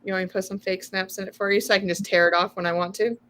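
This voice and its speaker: A man's voice: sits high, flat delivery, rapid-fire, pushed and bright, low-quality recording. Playful man joking in casual chat. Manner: playful, mock-announcer asides. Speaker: regular on a sewing chat stream.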